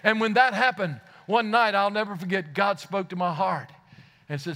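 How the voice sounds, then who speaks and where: A man's voice: high voice, fairly even intonation, normal speed, pushed and bright. A man preaching a sermon, telling a story earnestly and rising to fervent exclamations, often repeating words as he starts a phrase.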